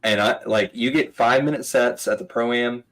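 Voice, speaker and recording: Man in his thirties, casual chat, animated storyteller, laughs a lot, voice mimicry. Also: medium pitch, normal speed, low-quality recording.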